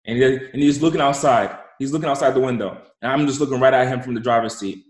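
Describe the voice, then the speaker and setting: A man telling an animated story and giving motivational talk as an interview guest, repeating himself for emphasis. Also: mid-range voice, fast talker, reverberant, rough recording. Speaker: guest, entrepreneur.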